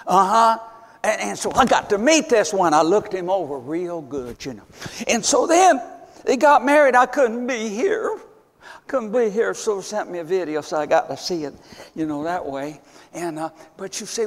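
A man's voice: high voice, expressive, normal speed. A man in his seventies, a visiting missions preacher telling stories in a folksy sermon, stumbling over restarts and breaking into joyful whoops. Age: 70s. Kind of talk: storytelling sermon. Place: church sanctuary. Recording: long church reverb.

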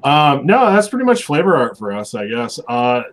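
A man's voice: medium pitch, sing-song, moderate pace. A man co-hosting a casual show, joking loosely, laughing easily and swearing. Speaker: show co-host. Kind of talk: casual chat.

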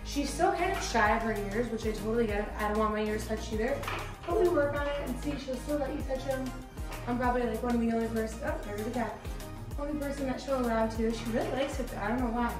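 Chatty young woman vlogging over soft music. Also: on the high side, quick pace. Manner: chatty, talks to her horses in a bright coaxing voice. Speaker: vlogger and horse owner. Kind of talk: casual vlog while grooming a horse. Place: outdoors and in a barn with horses.

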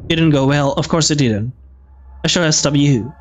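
A man's voice: on the high side, normal speed, a bit bright. Man reading a game's text aloud. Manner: reads the game text aloud, stumbling and restarting words. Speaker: let's play gamer. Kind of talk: reading a visual novel aloud with commentary.

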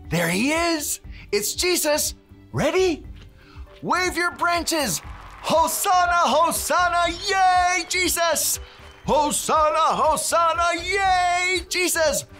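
A woman's voice: high voice, sharp tone, heavily acted. A woman playing a cheerful handyman who teaches a children's Bible lesson, cheering and tossing in Spanish words.

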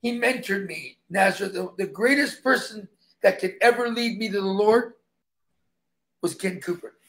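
High gravelly-voiced man telling stories. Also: normal speed, fairly bright tone. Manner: emphatic storyteller, acts out dialogue. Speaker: guest, stuntman.

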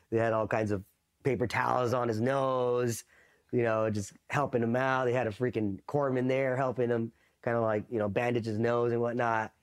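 Profane, easygoing man telling war stories. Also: medium pitch. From East Los Angeles. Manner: profane, loose, peppered with "you know" and "right?". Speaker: Marine veteran guest. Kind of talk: casual storytelling interview.

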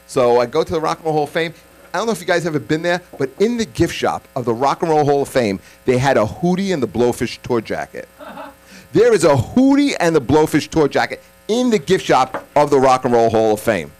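A stand-up comic from Staten Island, delivering a punchy set with quick asides, then chatting casually in an interview. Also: male voice, on the high side, very animated, a little mellow, faint music behind, poor audio. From Staten Island, New York.

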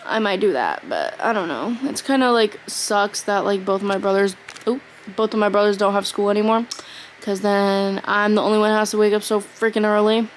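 A teenage girl talks into her phone camera at home, rambling through her thoughts with plenty of "like" and "literally". She sounds worn out and drowsy, her voice sitting at an ordinary pitch. A faint hum of room ambience sits underneath. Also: brisk, poor audio. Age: teens. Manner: rambling, tired, filler-heavy talk. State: exhausted. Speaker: vlogger. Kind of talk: casual vlog chat.

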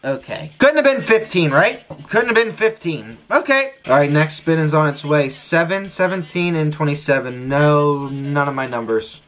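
A man streaming a casino session, frustrated, talking excitedly and repeating his pleas to the wheel. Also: on the high side, moderate pace, few pauses. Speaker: gambling streamer. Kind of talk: live casino session commentary.

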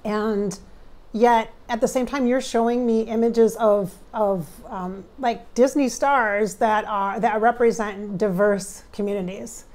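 A woman's voice: on the high side, steady tone, slow, darkish tone. A middle-aged woman psychic talking casually and emotionally to viewers during a channeling session. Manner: chatty, emotional, talks directly to viewers. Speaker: psychic medium.

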